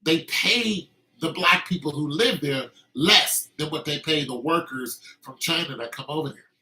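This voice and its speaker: Male podcast host, fairly high and forceful, heated opinionated monologue. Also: moderate pace, low-quality recording. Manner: heated and emphatic, with frequent restarts.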